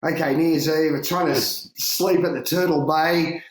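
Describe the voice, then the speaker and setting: A man, a big-wave surfer, telling stories in a casual interview, lively and swearing freely, laughing and acting out what people said. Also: on the high side, moderate pace. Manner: animated, swearing, laughing, acts out quotes. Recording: roomy echo.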